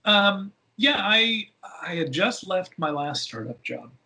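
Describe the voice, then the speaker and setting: An animated man telling stories as a podcast guest. His voice is bright and forceful and sits a little high, and his pitch leaps up when he gets excited. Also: takes it slowly. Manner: animated storyteller with big pitch jumps. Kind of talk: casual storytelling interview.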